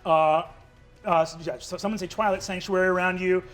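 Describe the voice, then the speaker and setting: A man runs a tabletop fantasy game, narrating scenes quickly and dropping in frequent ums and uhs. His voice sits high, with soft music underneath. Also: steady tone. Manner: quick narration with many fillers. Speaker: game master.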